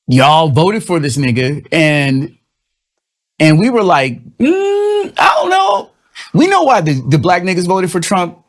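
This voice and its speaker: A young man rants through a casual comedic monologue, loose and profane, wandering from point to point. His voice sits at an ordinary middle pitch, and he keeps breaking into quick mocking impressions. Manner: loose, profane, rambling storytelling with shifting vocal impressions. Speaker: host of a comedic commentary show.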